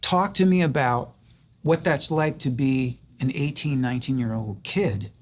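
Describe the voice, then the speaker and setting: A man's voice: mid-range voice, a little slow. An older man hosting an interview, asking long reflective questions that he builds up with stories of his own. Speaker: host. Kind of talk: interview conversation.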